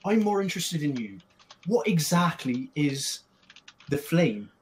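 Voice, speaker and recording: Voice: mid-range voice, very animated, measured pace, slight background noise. A player voicing a small, chatty male travelling merchant who rambles and apologizes in a flustered way during a tabletop game. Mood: friendly. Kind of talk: tabletop role-play in character.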